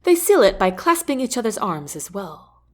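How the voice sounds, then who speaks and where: A woman narrating a novel in the first person, with an expressive, varied reading. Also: mid-range voice, normal speed. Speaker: audiobook narrator.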